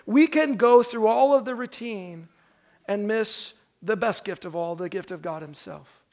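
A man in his thirties preaching a Christmas sermon, telling a joke story and then slowing down to stress key phrases. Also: high voice, a little mellow. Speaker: pastor.

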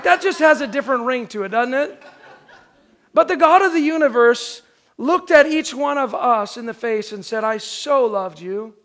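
A man with a very high speaking voice delivers a Christmas sermon. He moves from a lively joke story into earnest preaching, slowing down and leaning on key phrases for emphasis. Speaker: pastor.

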